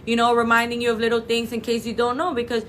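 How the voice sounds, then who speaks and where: A woman's voice: fairly high pitch, monotone, quick pace, a bit bright, a little hiss or hum. Gushing young woman on a live stream. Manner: gushing, affectionate, calls viewers babe and girl. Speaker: clinic livestream host. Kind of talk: chatty live stream talk. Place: cosmetic clinic office.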